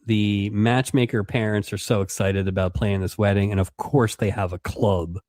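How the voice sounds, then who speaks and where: Guy on a podcast, kinda low voice, dry sarcastic recap, dead dry room. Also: steady tone, normal speed, a little mellow, dry recording. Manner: wry, sarcastic, quotes characters in put-on voices. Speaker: podcast co-host. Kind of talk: casual recap chat.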